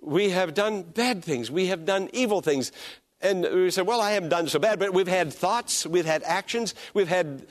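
A man preaching a sermon as pastor, emphatic, rising to loud peaks and dropping to hushed lines, leading the congregation in call and response. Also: high voice, moderate pace.

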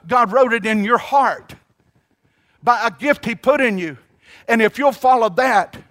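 High-voiced emphatic male preacher. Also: fairly bright tone. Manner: emphatic, calls congregation to repeat phrases; halting restarts, drawn-out emphasis. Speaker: pastor. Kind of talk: sermon.

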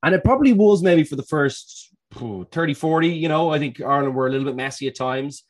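A man's voice: fairly high pitch, quick pace. A man co-hosting a podcast, talking in a laid-back, hesitant way with fillers. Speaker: podcast co-host. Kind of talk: casual podcast chat.

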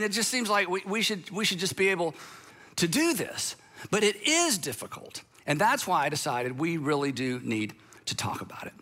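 Bright high-voiced man preaching. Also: big-room sound. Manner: conversational, acts out quoted speakers in higher voice. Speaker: pastor. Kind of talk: sermon.

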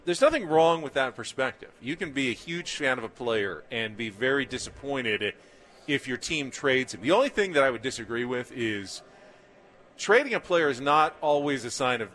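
A man co-hosting a sports talk show, explaining his views in a measured, emphatic way. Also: mid-range voice, animated, fairly bright tone. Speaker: sports radio co-host.

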